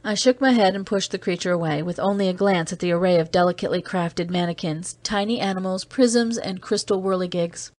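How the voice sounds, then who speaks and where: Woman narrating a weary, seasoned off-world agent; measured storytelling, dry close sound. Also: lowish voice, darkish tone, no room sound, lightly acted. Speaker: audiobook reader. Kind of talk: scripted narration.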